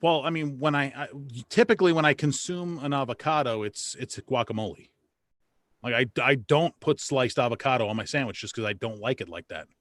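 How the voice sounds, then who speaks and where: A man's voice: medium pitch, a little fast, a bit bright, dry recording. A man hosting a casual talk show, blunt and profane, often restarting his words. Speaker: podcast host. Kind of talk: casual chat.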